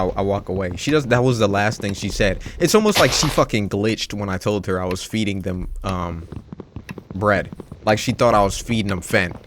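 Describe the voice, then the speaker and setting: A young man telling a story in casual slang while playing a game, animated and swearing freely. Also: low voice, noisy background. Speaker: gaming youtuber. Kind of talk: casual storytelling over gameplay. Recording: game music in background.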